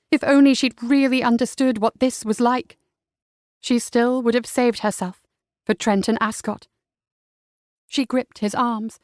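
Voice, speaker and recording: Intimate, unhurried woman narrator. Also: on the high side, dry recording, clean studio sound. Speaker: audiobook narrator. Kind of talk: scripted romance narration.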